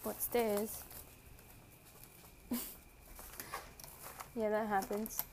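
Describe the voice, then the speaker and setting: A woman's voice: mid-range voice, flat delivery, extremely slow. Give me an eighteen-year-old woman, rambling. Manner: giggly, rambling storytelling. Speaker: livestreamer. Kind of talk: casual livestream chat. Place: outdoors in a city. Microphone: phone. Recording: noisy phone livestream.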